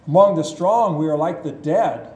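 A man preaching a sermon, reading scripture aloud and explaining it with slow, emphatic delivery. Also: a little high, a little mellow. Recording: echoey church room.

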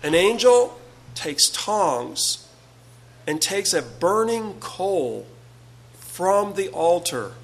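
A man preaching a sermon, earnest and halting, often repeating words as he builds a point. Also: high-pitched, sing-song, rough recording.

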